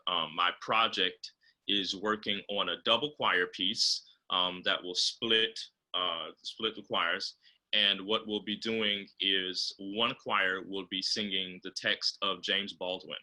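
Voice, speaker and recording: A man with a low voice and a very bright, forceful tone talks over a video call. He explains choir technique in an instructive way, with many ums and uhs. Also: rough recording. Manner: explains choral diction, often pausing on fillers. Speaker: composer and choral director guest.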